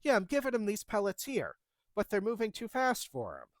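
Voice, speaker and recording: A woman's voice: medium pitch, huge pitch swings, brisk, no echo, clean studio sound, voice pushed up. A man voicing a confused middle-aged woman customer who talks earnestly and keeps pleading her case.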